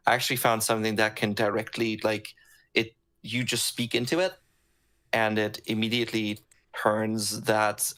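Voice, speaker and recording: Low-ish guy on a call mic, rambling sound design chat, lots of ums. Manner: relaxed, rambling, many ums. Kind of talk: casual chat on a stream. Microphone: call microphone.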